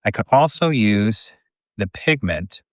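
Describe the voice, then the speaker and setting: A man's voice: lowish voice, takes it slowly, dry recording. A middle-aged man in his pottery studio, casually talking through a glazing demonstration as he works. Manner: relaxed, chatty, talks while working. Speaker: pottery teacher.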